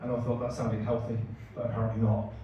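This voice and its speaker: A man's voice: medium pitch, monotone, quick pace, lo-fi sound, a little hiss or hum. A man in his thirties performing a chatty, self-mocking stand-up comedy set in a live comedy club. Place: comedy club stage before a live audience. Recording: echoey live room, distant mic, crowd laughter.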